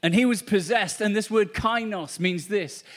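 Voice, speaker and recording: A man's voice: high-pitched, moderate pace, a bit bright. A man preaching a charismatic sermon at a church meeting, fervent and repetitive, exclaiming to the congregation.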